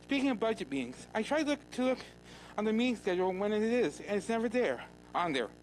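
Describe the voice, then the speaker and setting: A citizen addresses legislators at a public hearing, in an earnest, plain voice. The delivery is a little halting at times. Faint noise and a hum sit behind the voice. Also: mid-range voice, sing-song, rough recording. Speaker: public commenter. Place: county legislature hearing room.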